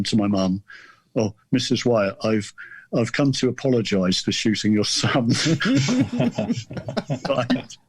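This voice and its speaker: A man's voice: medium pitch, breathy edge, no echo. A man around sixty, a guest author telling a rambling, amused anecdote in casual chat.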